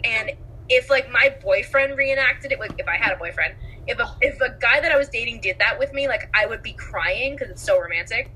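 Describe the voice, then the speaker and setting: A young woman chatting casually as a co-host, with a bright voice a little above the usual pitch. She is giggly and talkative and acts out bits of dialogue. Faint ambience sits behind her. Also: lively intonation, brisk, a little hiss or hum, rough recording. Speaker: podcast co-host. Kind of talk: casual chat.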